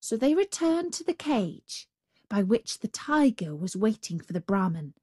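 A woman reading a folk tale aloud in a measured, expressive storybook narration. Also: medium pitch, breathy edge, dry recording, studio quality.

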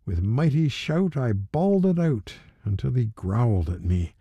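A man's voice: mid-range voice, big pitch swings, unhurried, few pauses, warm tone, slightly rough, no echo, studio quality. A man reading his own children's poem aloud in a rhythmic, sing-song recital that sinks to whispers.

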